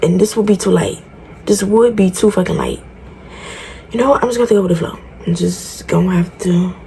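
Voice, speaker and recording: A beauty vlogger chats casually through a tutorial, talking straight to her viewers in a frank, exasperated way and swearing freely. Her voice is fairly low, gravelly, and darkish, with slight background noise.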